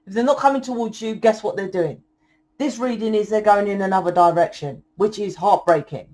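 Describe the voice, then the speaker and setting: Blunt, forceful woman reading tarot. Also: medium pitch, a little fast. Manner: forceful, blunt lecturing with frequent swearing. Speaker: tarot reader. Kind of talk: channeled tarot reading to camera.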